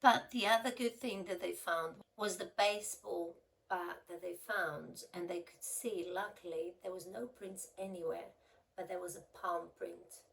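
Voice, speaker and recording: Woman with a gravelly voice. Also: on the low side, steady tone, measured pace, a bit bright, distant mic, low-quality recording. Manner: chatty, emotional, retells dialogue. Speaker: true crime storyteller. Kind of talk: casual storytelling vlog.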